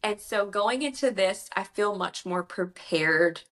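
A woman's voice: medium pitch, expressive, measured pace, fairly bright tone. A woman, a debut author chatting casually in an interview and retelling conversations with quoted voices.

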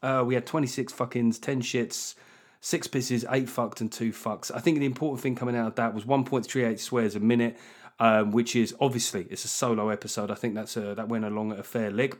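A middle-aged man hosting a comedy podcast alone, talking in a sweary, self-mocking way with animated asides. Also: mid-range voice. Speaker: podcast host. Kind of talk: solo comedy podcast monologue.

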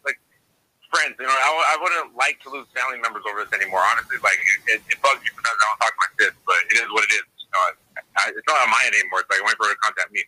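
Young dude guest talking quick, swears a lot, says man and dude all the time. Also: lowish voice, pushed and bright, dry recording, poor audio. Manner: blunt and profane, slangy with lots of "man" and "dude". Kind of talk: casual chat.

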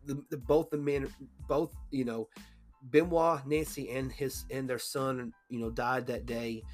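A man co-hosting a casual chat show. He talks loosely, swears often and slips into acted-out quotes. His voice sits at a middle pitch, with a little music faintly in the background. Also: steady tone, measured pace. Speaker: podcast co-host.

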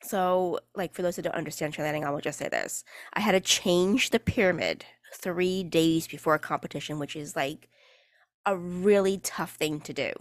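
A woman's voice: lowish voice, moderate pace, no room sound, clean studio sound. A woman, hosting her own podcast in casual, sarcastic chat, full of fillers and casual swearing. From New York. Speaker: podcast host and cheerleading coach.

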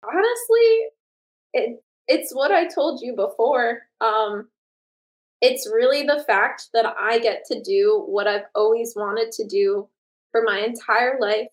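A woman in her late twenties speaks in an interview in a fairly high voice. She is earnest and enthusiastic, often restarting her sentences and laughing easily. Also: low-quality recording. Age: late 20s. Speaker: comic artist and teacher. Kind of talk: podcast interview.

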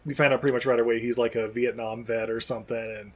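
A man's voice: mid-range voice, flat delivery, quick pace. A man recapping a movie in casual chat. He rambles, swears freely and laughs often as he talks.

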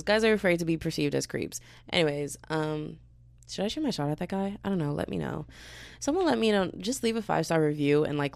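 Fry-voiced young woman ranting casually. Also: no room sound. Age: 20s. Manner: animated, rambling, jumps into high-pitched quoted voices. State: tired but wired on coffee. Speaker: podcast host.

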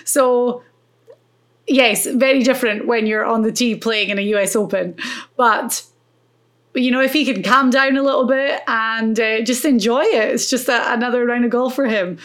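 A woman's voice: a little high, normal speed, fairly bright tone. A woman co-hosting a golf podcast, steering the segments in a friendly, upbeat casual chat.

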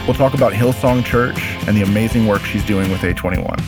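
Low-voiced male podcast host. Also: fairly quick, over music. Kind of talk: interview and scripted intro.

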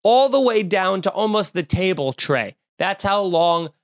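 Exasperated podcast host ranting, dry sound. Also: male voice, high voice, measured pace, dry recording. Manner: animated, exasperated ranting with frequent cursing. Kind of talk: casual comedic podcast rant. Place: room at home with windows open.

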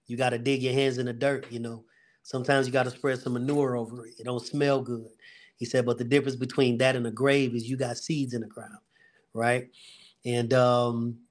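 Earnest middle-aged man telling his story. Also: mid-range voice. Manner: earnest storyteller, faith-driven, with fillers and vivid retelling. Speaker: guest, security company owner. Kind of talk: casual podcast testimony.

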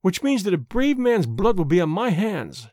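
A man's voice: sits high, big pitch swings, moderate pace, mellow, no echo, studio quality. A man doing a desperate pleading noblewoman. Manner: urgent pleading. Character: desperate, anxious noblewoman pleading for her brother.

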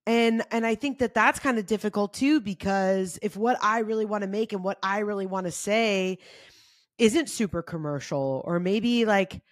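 A woman's voice: medium pitch, normal speed, dry recording, clean studio sound. A woman hosting her own podcast, talking casually and candidly, with lots of "like" and the odd swear word. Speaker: podcast host. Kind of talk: casual solo podcast talk.

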